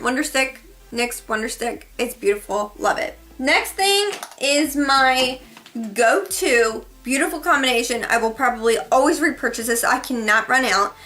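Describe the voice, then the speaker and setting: A woman's voice: on the high side, normal speed, sharp tone, faint music behind. A woman beauty vlogger reviewing her favorite products in a casual, gushing, chatty way, correcting herself as she goes.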